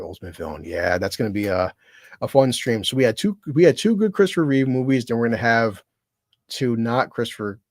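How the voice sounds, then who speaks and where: A man's voice: medium pitch, a little mellow. A man chatting on his livestream in a mid-range voice, cursing freely and wandering from one point to the next. He laughs often, and the sound is dry and close with no room echo. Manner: profane, rambling, laughs often. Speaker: streamer. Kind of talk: casual livestream chat.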